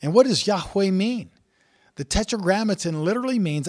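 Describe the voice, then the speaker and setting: A man with a fairly high voice teaches from scripture, earnest and deliberate, and reads passages aloud with emphatic rises. The recording is dry and close, with no room echo. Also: expressive, a little mellow. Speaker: Bible teacher.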